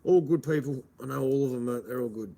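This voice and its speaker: Speaking fast in a gravelly yet mellow mid-range voice, an Australian-accented streamer from Melbourne chats casually on his livestream. He rambles, responds to chat and keeps saying "mate."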